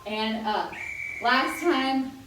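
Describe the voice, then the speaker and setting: A woman's voice: on the high side, drawn-out words, background noise. A young woman leading a senior workout class as a fitness instructor, chatty, joking and encouraging while she exercises along. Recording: very echoey room, voice from far off.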